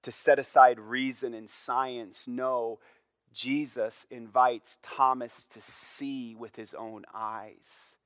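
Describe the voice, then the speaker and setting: Earnest male preacher, bright dry voice. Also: mid-range voice, steady tone, slow, dry recording. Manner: earnest, emphatic preaching with repeated "you see" and falling phrase ends. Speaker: pastor. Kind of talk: sermon.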